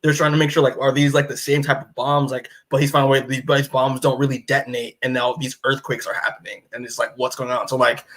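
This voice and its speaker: A man's voice: medium pitch, flat delivery, fast talker, hardly any pauses, a bit bright. A man co-hosting a podcast, talking casually about comic books in loose, filler-heavy speech. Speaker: podcast co-host. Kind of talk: casual comic book chat.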